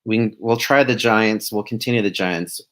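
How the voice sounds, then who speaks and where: A man's voice: on the low side, normal speed, a bit bright, rough recording. A man co-hosting a casual live stream, giving step-by-step directions and laughing easily. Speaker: co-host.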